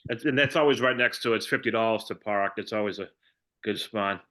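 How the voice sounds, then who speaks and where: An older man from Massachusetts with a Boston accent, doing a stand-up comedy set of deadpan one-liners, full of fillers and restarts. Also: on the low side, brisk. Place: online comedy show.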